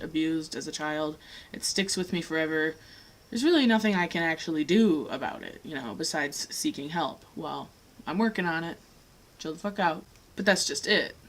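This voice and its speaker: A woman's voice: lowish voice, low-quality recording. A young woman talking frankly to camera in a personal vlog, earnest and blunt, with occasional swearing. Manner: frank, earnest, swears, rising heat when making a point. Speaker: vlogger.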